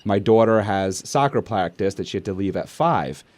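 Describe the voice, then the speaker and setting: Low-pitched man, middle-aged host, casual and animated storytelling, dry recording. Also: moderate pace, dry recording. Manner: animated, acts out family dialogue. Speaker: podcast host and speaker.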